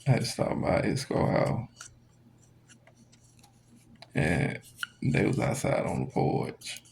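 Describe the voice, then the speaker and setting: A young man spins a story from his past in an unhurried drawl. His voice is heavily gravelly and dark, and his pitch swings widely as he talks, with curses and a steady stream of "man" in his casual storytelling. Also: a little hiss or hum. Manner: laid-back, profane, peppered with "man".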